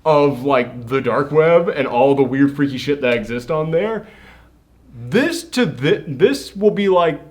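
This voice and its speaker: Young male co-host, excitable, profane, fairly high voice, casual review banter. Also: a little slow. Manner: excitable, swears freely, acts out quotes. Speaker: co-host of a movie review show. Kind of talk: casual movie review chat.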